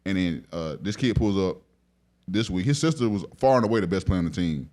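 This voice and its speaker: A middle-aged man trading deadpan jokes and slangy stories on a podcast. His voice sits a little low, and he keeps checking in with "you know what I'm saying.". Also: brisk. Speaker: podcast co-host. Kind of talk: casual comedic banter and storytelling.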